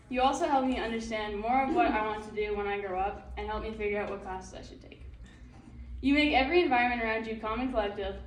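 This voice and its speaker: A woman's voice: a little high, a little hiss or hum. A teenage girl reading a farewell tribute speech, giggly and often breaking into laughter. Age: late teens. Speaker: student athlete giving a tribute. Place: large echoey hall. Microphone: distant microphone. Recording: echoey hall, distant mic, loud music.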